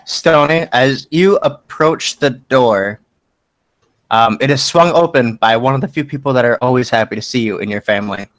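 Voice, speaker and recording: A man's voice: medium pitch, moderate pace, no room sound, rough recording. A man running a tabletop game as game master, narrating the scene playfully. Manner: animated, playful narration with laughs.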